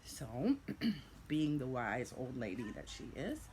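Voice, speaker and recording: A woman's voice: a bass voice, slow pace, a little hiss or hum. A middle-aged woman who resells goods, telling her own story as a playful fairytale and calling herself the old lady. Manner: playful, animated storyteller speaking of herself in third person. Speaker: reseller vlogger. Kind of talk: storytelling vlog, fairytale-style narration.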